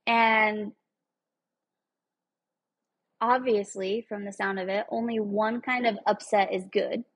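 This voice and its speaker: A woman's voice: fairly high pitch, husky, poor audio. A woman speaking in an earnest, emphatic way, giving a casual motivational talk with some rambling asides.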